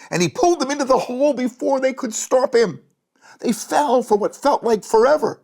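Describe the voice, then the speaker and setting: A storyteller reading a bedtime story aloud in a gentle, animated way, with a gravelly, breathy voice. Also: sits high, moderate pace.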